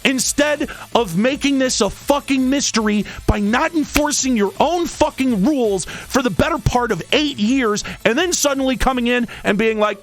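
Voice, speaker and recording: A man's voice: very high voice, normal speed, hardly any pauses, soft background music. A man hosting a stream, ranting in an exasperated, profane, sarcastic way. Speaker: streamer and podcast host. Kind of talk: angry rant.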